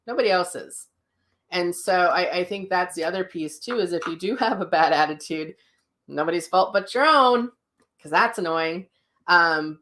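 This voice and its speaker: Blunt, chatty middle-aged woman, lowish voice. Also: fairly bright tone. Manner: blunt, chatty and self-mocking, with frank language. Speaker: psychic medium hosting a daily live session. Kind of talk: casual chat reading viewer comments.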